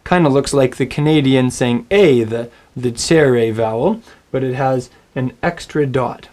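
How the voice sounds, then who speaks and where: A man's voice: medium pitch, measured pace, a little mellow. Guy teaching hebrew vowels, friendly and encouraging, medium voice, has you repeat words after him. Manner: friendly, encouraging, models pronunciation aloud. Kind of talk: recorded language lesson.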